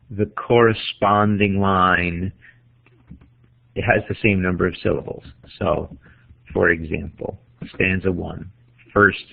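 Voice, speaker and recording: Slow gravelly low-voiced man lecturing. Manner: slow, deliberate, counting out examples. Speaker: teacher. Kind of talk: classroom lecture on poetry. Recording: tinny phone-like audio.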